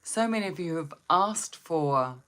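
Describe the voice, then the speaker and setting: Aussie woman chatting on a live stream about calm stuff, soft and unhurried, asks the viewers things. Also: low voice. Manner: slow, soothing, reflective, asks viewers questions. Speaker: meditation and wellbeing host.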